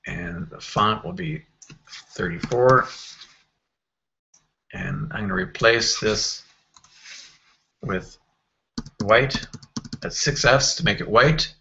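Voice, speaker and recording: A man walking through a software screen tutorial in a casual, think-aloud way, with fillers and self-corrections. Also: lowish voice, sing-song, slow pace, creaky, long pauses, highs cut off, slight background noise. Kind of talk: screen-recorded software walkthrough.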